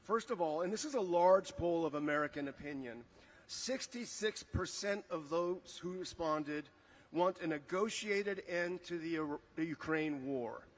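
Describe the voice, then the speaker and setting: Middle-aged man, slightly higher voice, rally speaker outdoors, emphatic delivery with fillers. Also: measured pace. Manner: emphatic, repeats key figures, frequent uh fillers. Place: outdoor rally on a memorial ground.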